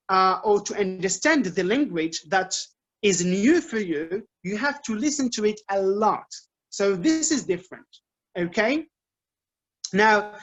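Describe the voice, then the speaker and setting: A man with an Algerian accent giving an informal English lesson, explaining points in a lively way with frequent fillers. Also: high-pitched, lo-fi sound. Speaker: English teacher giving a talk. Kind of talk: informal lecture to students.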